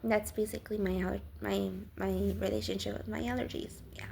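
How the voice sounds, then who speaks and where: A woman's voice: mid-range voice, flat delivery, fairly quick, creaky, hardly any pauses, mellow, slight background noise. A woman giving a casual Bible talk in a chatty, rambling, earnest way. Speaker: Bible teacher.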